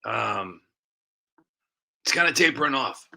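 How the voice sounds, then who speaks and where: A male livestream host thanks his viewers in a soft, low-key ramble, full of pauses and ums. His talk is casual and unhurried. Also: expressive, vocal fry. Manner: rambling, soft-spoken, lots of fillers. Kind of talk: casual chat.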